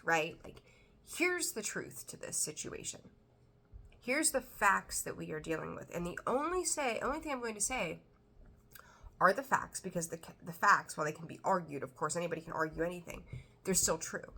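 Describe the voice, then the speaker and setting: A woman's voice: lowish voice, pushed and bright. A woman giving a casual tarot reading, talking bluntly and chattily, swearing now and then. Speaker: tarot reader.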